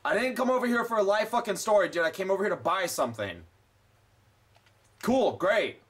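A man's voice: sits high, expressive, brisk, fairly bright tone, husky. A young man commenting on his gameplay, swearing constantly and ranting sarcastically. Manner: profane, sarcastic, rambling. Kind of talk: let's play commentary.

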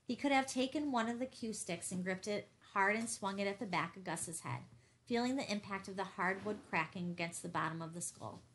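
A woman reads a novel aloud for an audiobook. Her delivery is measured and intense, building tension through the prose. Her voice sits at an average pitch. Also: fairly bright tone, a little hiss or hum. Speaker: audiobook narrator. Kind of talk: audiobook narration.

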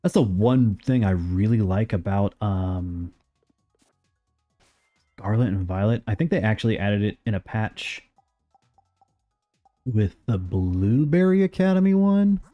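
A young man streaming a game and chatting casually, rambling along with sudden excited outbursts. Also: fairly low pitch, measured pace, pauses often, lo-fi sound, soft background music. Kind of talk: casual live gameplay commentary.

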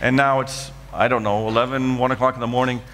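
A man's voice: mid-range voice, fairly even intonation, fast, fairly bright tone, in a large hall, slight background noise. A man preaching a dramatic testimony in church, acting out scenes from his story. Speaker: guest preacher. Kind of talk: sermon testimony.

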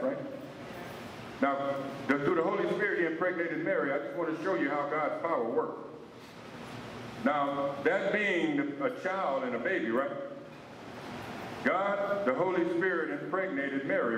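A man's voice: a little high, noisy background. Man preaching in a reverberant hall. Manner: emphatic, repetitive, calls for congregation responses. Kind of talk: sermon. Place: church sanctuary. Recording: long reverb of a large hall.

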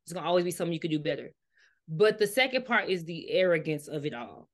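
A woman's voice: fairly low pitch, fast talker. Chatty woman recapping a novel. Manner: lively retelling, then thoughtful reasoning. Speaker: book discussion host. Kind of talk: casual book chat.

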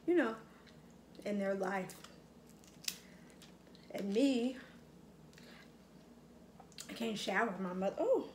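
In an echoey room with faint ambience and slight background noise, a middle-aged woman eats and chats for her mukbang vlog. Her mid-range voice has a darkish tone, and she reminisces reflectively, filling the talk with fillers.

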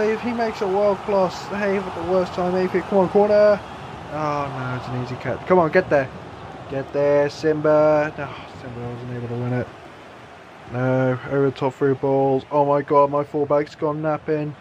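A young man commentating his own football video game, excitable, swearing and shouting at his players. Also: a little high, moderate pace, highs cut off, noisy background. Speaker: gaming YouTuber.

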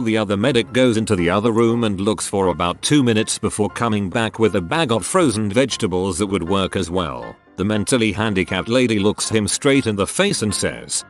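A man narrating funny emergency-service stories in a dry, matter-of-fact way. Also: lowish voice. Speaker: narrator reading online stories. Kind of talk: scripted story narration.

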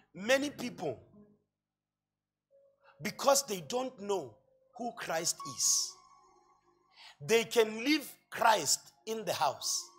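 A man preaching a sermon, telling a long story and swinging between loud shouting and quiet, hushed asides. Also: sits high, breathy edge.

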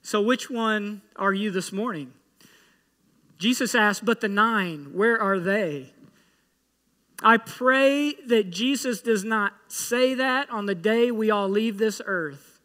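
A man's voice: high-pitched, slow pace, sharp tone, in a large hall. A man preaching an emphatic sermon as pastor, pressing his point with rhetorical questions. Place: church sanctuary.

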